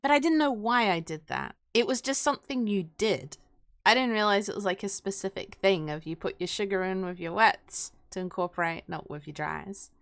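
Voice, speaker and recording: A woman's voice: medium pitch, normal speed, no room sound, studio quality. A woman from Australia chatting casually and laughing often as co-host of a cooking stream. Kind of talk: casual chat.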